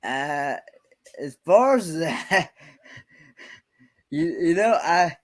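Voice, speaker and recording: A man in a casual live-stream chat who talks haltingly, repeats words and restarts, and explains details earnestly. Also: fairly high pitch, lively intonation.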